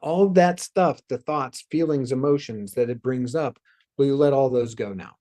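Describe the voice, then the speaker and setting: A man hosts a spiritual self-help talk in a mellow, warm voice. His delivery is loose and rambling, drifting into soft asides and sighs. His pitch sits in a middle range. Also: moderate pace. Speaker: host.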